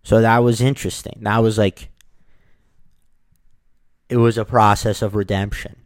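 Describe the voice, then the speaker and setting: A man casually telling a personal story, lively, acting out the people in it. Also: fairly low pitch, measured pace, no room sound. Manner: animated, acts out the people in his story.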